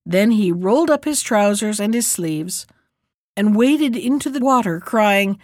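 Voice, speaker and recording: A woman narrating a fairy tale in a steady, measured reading. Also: mid-range voice, no echo, studio quality. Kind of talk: storybook reading.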